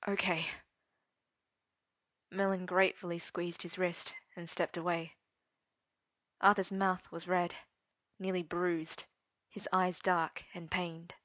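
A woman's voice: fairly low pitch, flat delivery, slow, a bit bright, no echo. A woman narrating a story aloud in an intimate, dramatic reading. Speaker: story reader.

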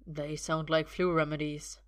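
A woman's voice: sits low, little pitch movement, measured pace. A woman reading aloud, voicing a protective young man who is worried, grim and a little lofty. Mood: concerned. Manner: concerned, grim and a touch lofty. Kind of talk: audiobook reading.

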